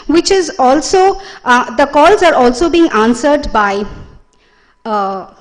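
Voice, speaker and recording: A woman's voice: sits high, lively intonation, takes it slowly. A woman giving a conference presentation as a lecturer, explaining with fillers and self-corrections.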